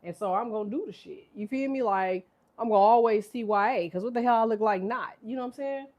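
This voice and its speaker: A woman's voice: on the high side, fast, highs cut off. A woman in her thirties giving a casual tarot reading, rambling, profane and laughing often. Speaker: tarot reader. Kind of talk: casual live tarot chat.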